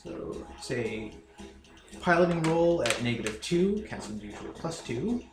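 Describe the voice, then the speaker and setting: A man's voice: a little high, sing-song, a little slow, over music. A man playing a tabletop game, chatty and thinking aloud through his rolls. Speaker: player. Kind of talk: casual tabletop game play. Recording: echoey room.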